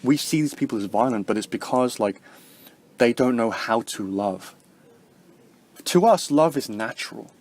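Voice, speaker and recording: A man's voice: mid-range voice, moderate pace, long pauses. A young man vlogging in a casual, rambling way, with constant filler words and frequent swearing. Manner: rambling, heavy filler words, profane, animated quoting.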